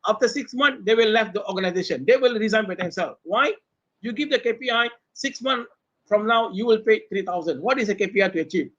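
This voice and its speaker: A middle-aged man with a Malaysian English accent, a professor speaking on a webinar panel, animated and full of rhetorical questions aimed at his fellow panelists. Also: high-pitched, fairly quick. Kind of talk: unscripted panel talk. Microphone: webinar video call mic. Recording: dull lo-fi webinar audio.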